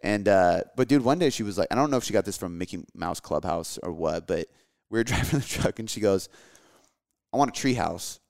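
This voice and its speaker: Fast-talking, low-voiced man. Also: a little mellow. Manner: fast, loose, swears a lot, says dude. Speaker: podcast co-host, father. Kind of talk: casual chat.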